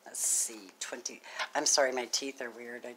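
A woman giving a casual tarot reading to camera, gushing and excitable, swinging from loud exclamations to hushed murmurs. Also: a bass voice, moderate pace, very noisy. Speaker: tarot reader.

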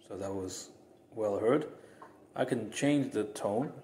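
A man's voice: lowish voice, takes it slowly, background noise. A man reviewing a product, walking through its features step by step in a casual, chatty way.

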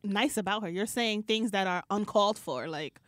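A woman's voice: mid-range voice, moderate pace, no echo. A young woman co-hosting a podcast, chatting casually with strong opinions and frequent laughter. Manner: animated, laughs often, opinionated. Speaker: podcast co-host. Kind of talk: casual chat recapping a show.

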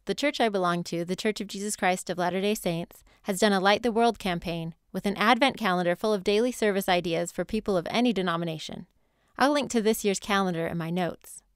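Smooth-voiced woman podcast host. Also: mid-range voice, brisk, no echo, clean studio sound. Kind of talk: scripted podcast narration.

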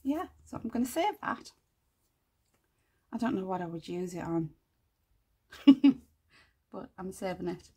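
A woman with a lowish, husky voice and a gravelly edge talks through her craft project at an unhurried pace. She chats casually and thinks aloud, dropping muttered asides to herself as she works. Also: sing-song, darkish tone. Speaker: craft channel host. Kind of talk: casual crafting tutorial chat.

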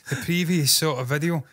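A man's voice: fairly high pitch, fairly bright tone, breathy edge. A man from the United Kingdom co-hosting a video reaction chat, sweary and sarcastic, prone to ranting asides. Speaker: co-host of a reaction channel.

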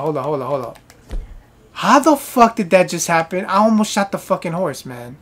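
A man's voice: high-pitched, very animated, normal speed. Profane, frustrated male game streamer. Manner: frustrated, profane, reacting loudly. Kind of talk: live gameplay commentary.

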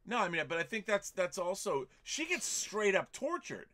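A man's voice: high voice, sing-song, normal speed, pushed and bright. A man hosting a casual movie chat, enthusiastic and digressive, talking in long run-on thoughts. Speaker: podcast host.

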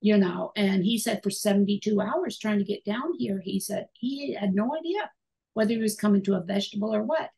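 A woman podcast host with a husky, gravelly voice talks in a rambling, reflective way, full of fillers. Her pitch sits in the middle range. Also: animated, fairly quick, mellow, rough recording. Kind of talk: conversational interview. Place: podcast studio.

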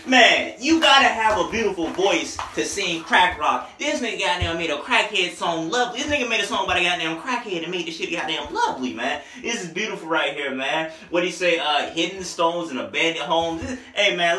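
A young man giving an excited, slangy casual album review, now and then singing bits of the songs. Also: a little high, recorded from a distance. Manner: excited, slangy, sings snippets along with the tracks. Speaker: music reviewer. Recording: echoey room, voice off-mic.

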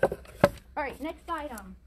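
A woman's voice: high-pitched, heavy background noise. A woman shop owner chatting through a live shopping sale in a vintage store, announcing item numbers and prices while she is losing her voice. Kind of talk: live shopping sales pitch.

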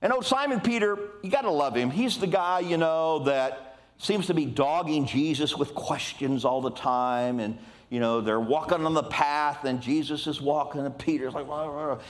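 An older man preaching a sermon in a lively, conversational way, with frequent asides to the congregation. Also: fairly high pitch, normal speed.

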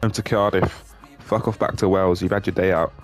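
A man's voice: low voice, fairly even intonation, fairly quick, faint music behind. Sweary gamer man. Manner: sweary, swings from glum mutters to shouting. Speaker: gaming YouTuber. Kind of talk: live game commentary.

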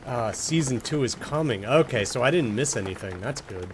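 A man's voice: medium pitch, expressive, moderate pace, noisy background. A man casually commenting while playing a video game, joking with the characters and answering chat. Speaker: game streamer. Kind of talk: casual let's-play commentary.

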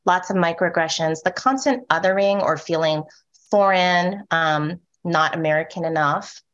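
A woman leads a panel discussion in a soft, low-set voice whose sentences lift at the end like questions. She fills pauses with "um" and checks in with her listeners. The sound is dull and lo-fi, like a video call. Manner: soft voice with rising lilt at sentence ends; frequent "um" and "right?" check-ins. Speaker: panel moderator.

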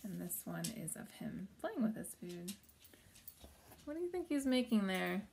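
A woman reads a children's picture book aloud at home in a gentle storytelling voice. She pauses now and then to point out the pictures and ask young listeners what they think will happen. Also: medium pitch, sing-song, creaky, slight background noise. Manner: gentle, stops to chat about the pictures.

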